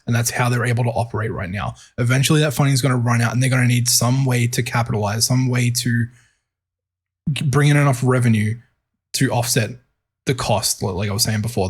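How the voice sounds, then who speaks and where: A man's voice: medium pitch, breathy edge. A man co-hosting a casual gaming podcast, reasoning step by step and restarting his sentences as he thinks. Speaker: podcast co-host. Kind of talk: casual chat.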